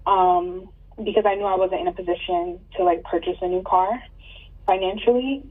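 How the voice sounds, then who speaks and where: A woman's voice: medium pitch, fairly even intonation, moderate pace, slightly rough, distant mic. Woman on a tinny phone line. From New York. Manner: talks through her story with fillers, hesitant restarts. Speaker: caller seeking advice. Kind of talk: casual phone conversation.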